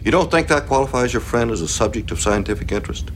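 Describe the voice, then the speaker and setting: A man's voice: medium pitch, lively intonation, quick pace, noisy background, lightly acted. An actor playing a stern male military general who talks in firm, clipped, authoritative lines. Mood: pressing.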